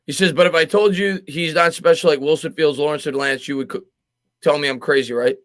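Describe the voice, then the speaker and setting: A man with a bright, forceful voice and a slightly raised pitch hosts a live football talk show. He reads viewer comments aloud and answers them in quick, emphatic bursts, stuttering and repeating words as he presses his point. The sound is dry and close. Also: steady tone, no room sound. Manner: fast, emphatic, repeats words when arguing. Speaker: sports podcast host. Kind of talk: live sports chat reading viewer comments.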